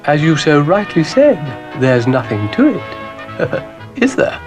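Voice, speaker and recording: A man voicing a refined, motherly female cow in a children's stop-motion show, high and gushing. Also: big pitch swings, slow pace, over music. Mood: genteel.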